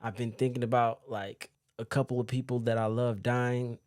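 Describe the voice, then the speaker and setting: A young man talking casually to camera from home as a poker vlogger, chatty and animated, speaking straight to his viewers. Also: mid-range voice, normal speed, no room sound, clean studio sound. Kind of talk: casual vlog talk to camera.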